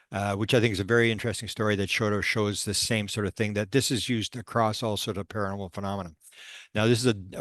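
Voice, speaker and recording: Low-voiced man telling stories haltingly. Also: dry recording, clean studio sound. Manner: halting, many fillers and restarts. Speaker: paranormal researcher presenting. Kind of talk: storytelling presentation.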